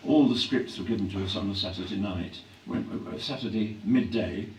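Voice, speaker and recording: An older English man reflecting on his acting career in a live on-stage interview, clearing his throat often as his voice grows hoarse. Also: fairly low pitch, moderate pace. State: voice growing hoarse. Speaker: actor being interviewed. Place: hall at a public event. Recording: echoey hall from a distance, faint hum.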